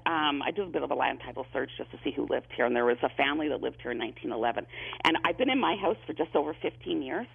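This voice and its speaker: Over a tinny phone line, a psychic medium does a phone-in interview, telling stories and frequently repeating himself or restarting sentences. His voice is fairly high, husky, with vocal fry.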